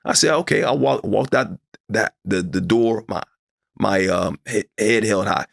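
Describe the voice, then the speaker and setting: Man, middle-aged, low gravelly voice, animated storyteller, reenacts conversations, pitch jumps when worked up. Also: unhurried, no room sound, studio quality. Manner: acts out his own past dialogue, voice climbing high when upset. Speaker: interview guest, sports broadcaster.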